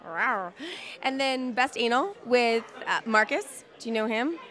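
A woman's voice: a little high, normal speed, fairly bright tone. A woman being interviewed as a guest, upbeat and bubbly, laughing between her answers. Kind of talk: casual interview chat.

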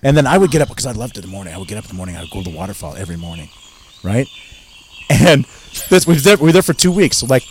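There's a little hiss or hum behind this medium-pitched man, a podcast guest spinning a long, crude, profane tale in casual conversation. He animates it by loudly voicing the people he quotes.

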